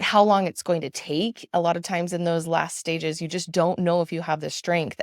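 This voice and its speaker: Smooth low-voiced woman host. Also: darkish tone, dry recording, clean studio sound. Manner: thoughtful, measured, long flowing sentences. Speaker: podcast host. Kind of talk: casual interview conversation.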